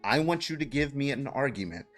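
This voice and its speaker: Hosting a heated livestream debate, a man cites studies, insistently repeats his question and mocks his opponent. He speaks briskly and animatedly in a medium-pitched voice, with soft music in the background.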